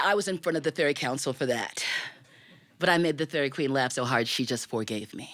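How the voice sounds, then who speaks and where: A woman storyteller, telling a tale in first person with playful, animated delivery and laughing asides. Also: low voice, no room sound.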